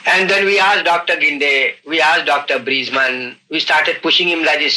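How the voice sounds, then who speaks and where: Older guy telling a story in an interview, kinda high and really bright, lots of uh and you see. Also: a little hiss or hum, low-quality recording. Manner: earnest, halting with fillers and "you see". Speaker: interviewee recounting memories. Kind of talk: unscripted storytelling.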